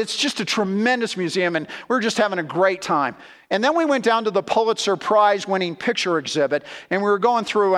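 A man's voice: sits high, fairly bright tone, long reverb tail. A man preaching a sermon as a guest pastor in a church, emphatic and repeating key words as he addresses the congregation as friends.

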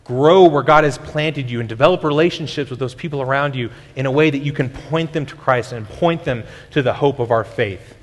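A man's voice: mid-range voice, a little fast, hardly any pauses. Man preaching in a reverberant church. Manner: conversational teaching with many restarts and fillers. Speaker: pastor. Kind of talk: sermon. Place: church sanctuary. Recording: long hall reverb.

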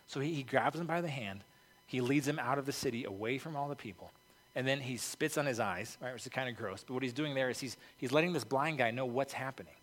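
A man's voice: mid-range voice, quick pace, fairly bright tone. Man preaching casually in a reverberant hall. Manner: informal, peppered with 'okay' and 'like'. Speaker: pastor. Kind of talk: conversational sermon.

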